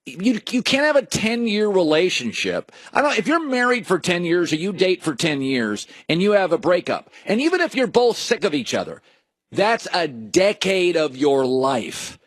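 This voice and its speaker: Animated, high-voiced sports talk host. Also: male voice, dry recording. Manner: animated, joking, riffing in quick asides. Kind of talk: opinionated sports talk monologue.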